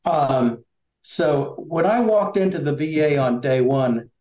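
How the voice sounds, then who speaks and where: A man's voice: fairly high pitch, takes it slowly, dark tone, reverberant, lo-fi sound. Rambling middle-aged man from Indiana. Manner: rambling, many fillers and restarts. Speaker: political candidate guest. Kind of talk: casual interview chat.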